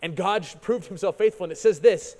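Man preaching, storytelling sermon, kinda high voice, repeats himself a lot, big church echo. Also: fairly quick. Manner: animated, repeats phrases when restarting. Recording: long reverb of a large hall.

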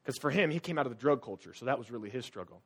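A young man preaching a sermon in a conversational storytelling way, swinging from loud, urgent bursts to quiet, low-voiced confiding. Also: lively intonation, very fast, breathy edge. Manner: conversational storytelling with casual fillers.

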